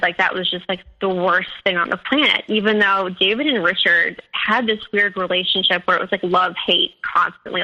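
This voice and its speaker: Gravelly, bright-toned woman recounting her story. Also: mid-range voice, rough recording. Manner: halting, many fillers and restarts. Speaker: guest sharing her story. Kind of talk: personal storytelling.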